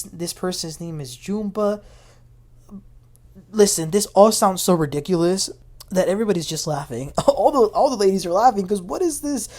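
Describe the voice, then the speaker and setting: A young man casually recapping a reality TV episode, acting out the cast's lines with big swings in his voice. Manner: animated, acts out quotes with big pitch jumps. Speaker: TV recap host.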